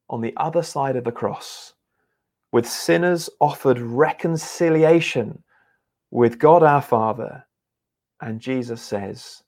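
Male preacher, mid pitch, earnest and halting, sermon delivery. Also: a little mellow. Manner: earnest, halting with repeated restarts.

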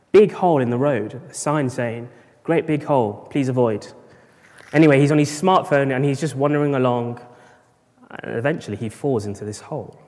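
A man's voice: mid-range voice, a little mellow. A man preaching a sermon at a morning church service, rhetorical, with bursts of emphasis. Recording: long reverb of a large church hall.

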